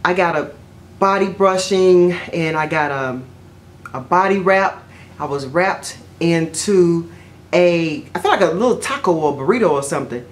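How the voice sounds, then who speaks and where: A woman vlogger telling a personal story in a chatty, rambling way, full of fillers and self-corrections, jumping up in pitch whenever she quotes herself. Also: lively intonation, a little slow. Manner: jumps high in pitch when quoting herself. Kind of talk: casual storytelling to camera.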